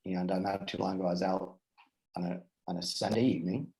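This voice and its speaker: A low-voiced man with a gravelly edge, chatting as a guest on a casual call. He tells personal stories in an animated, loose way, restarting phrases and tossing in "right?" as he goes. His delivery is relaxed and conversational. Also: fast, rough recording. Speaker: guest speaker.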